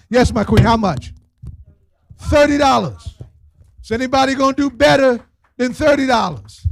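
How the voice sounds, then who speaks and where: A man running a lively fundraiser auction, teasing the crowd with slang and frequent laughter. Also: very high voice, vocal fry, no echo. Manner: playful, teasing, street slang, laughs often. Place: event hall with audience.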